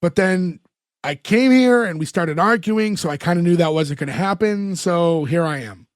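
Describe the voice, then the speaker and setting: High-voiced man recapping a sitcom. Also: animated, dry recording, clean studio sound. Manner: recounts scenes with quick acted-out quotes. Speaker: podcast co-host. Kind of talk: casual chat recapping a sitcom episode.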